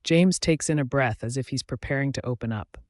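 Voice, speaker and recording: A man calmly narrating a first-person romance audiobook in an even storytelling voice. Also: medium pitch, a little fast, dry recording, clean studio sound.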